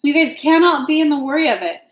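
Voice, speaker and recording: A frank, chatty woman with a fairly high voice hosts a casual live stream as an intuitive reader. She talks straight to her viewers, calls them by name and swears without fuss. Her voice bounces around an echoey room. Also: expressive, fast.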